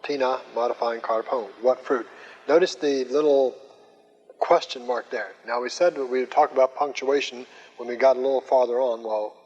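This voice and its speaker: A male teacher works through a Greek grammar lesson at a slow, methodical pace, pausing often on fillers. His voice is husky at a middling pitch. The recording is dull and carries a long reverb. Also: fairly even intonation, a little mellow. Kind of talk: recorded classroom lecture.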